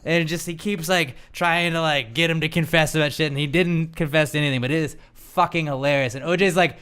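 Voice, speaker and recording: A man's voice: on the high side, fairly even intonation, brisk, fairly bright tone, clear, resonant tone. A young man co-hosting a podcast, telling stories in laid-back casual chat with many fillers. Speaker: podcast co-host.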